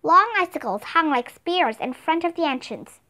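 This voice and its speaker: A woman's voice: high-pitched, normal speed. A woman reading a children's chapter book aloud, narrating expressively. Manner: expressive, animated storytelling. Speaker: reader. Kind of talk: audiobook narration.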